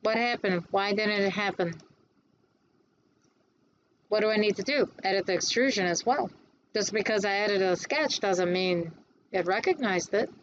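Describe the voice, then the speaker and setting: A woman instructor giving a classroom lecture on design software, chatty and quick to answer her own questions. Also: mid-range voice, dull audio, slight background noise.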